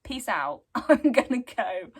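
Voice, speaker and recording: A woman's voice: fairly high pitch, big pitch swings, slow pace, slightly rough, exaggerated voice. A woman voicing a frightened young wife, flustered and exclaiming. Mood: alarmed.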